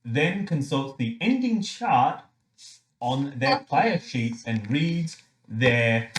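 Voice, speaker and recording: A man's voice: mid-range voice, lively intonation, slow, a little hiss or hum. A man playing a tabletop game, reading game text aloud in a playful way.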